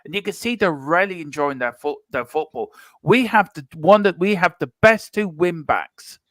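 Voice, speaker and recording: A man on a fan panel talking football in a casual, animated way, stressing his points and repeating phrases. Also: fairly high pitch, moderate pace, no room sound.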